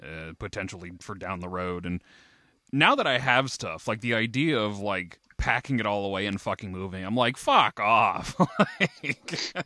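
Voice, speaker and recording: Lively bright-voiced young man. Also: on the low side, moderate pace, no echo, studio quality. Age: young adult. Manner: laid-back, lively, swears casually. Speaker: podcast co-host. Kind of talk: casual podcast chat.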